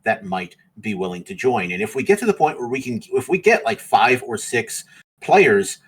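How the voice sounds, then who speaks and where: A man's voice: mid-range voice, very animated, normal speed, slightly rough, low-quality recording. A man acting as game master, chatting casually and rambling a bit with fillers as he wraps up a tabletop game stream.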